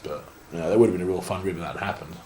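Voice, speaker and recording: There's noise behind this very fast, low-voiced speaker, a young English wrestler telling long, wandering anecdotes in a relaxed interview. He keeps restarting his sentences, and the room sounds echoey.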